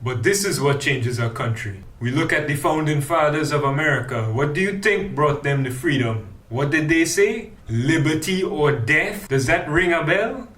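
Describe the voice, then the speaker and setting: A man's voice: a little high, animated, normal speed, hardly any pauses, a bit bright. A man with a Trinidadian accent giving an impassioned forum speech, fiery and full of rhetorical questions. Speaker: forum speaker for a grassroots news team. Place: public forum hall. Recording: echoey room, mic at a distance.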